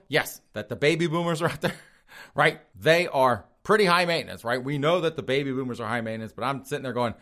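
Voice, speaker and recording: A man's voice: medium pitch, a bit bright. A man hosting a solo commentary podcast who reads news items aloud and riffs on them sarcastically, chuckling often. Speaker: podcast host.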